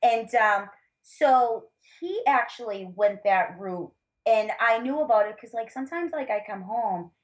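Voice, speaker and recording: A woman's voice: on the high side, expressive, a little slow. A woman in her thirties, a podcast guest chatting casually into a laptop mic, rambling with lots of fillers and frank swearing. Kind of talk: casual chat. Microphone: laptop microphone.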